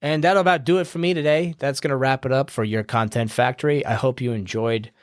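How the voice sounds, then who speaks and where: A man's voice: medium pitch, steady tone, fairly quick, no room sound, clean studio sound. Blunt, cussing male podcast host. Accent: slight New Jersey edge when heated. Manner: blunt, profane, rambling pep talk. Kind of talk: casual podcast rant.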